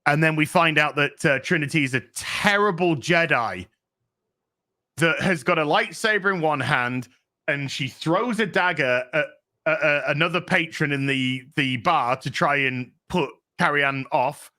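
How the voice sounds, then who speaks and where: A podcast host rants about a show in a casual, sarcastic way, swearing freely. His voice sits a bit high for a man and comes out bright and forceful. He slips into exasperated impressions of the characters as he goes. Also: measured pace. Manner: profane, sarcastic, exasperated, acts out characters' lines. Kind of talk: casual review rant.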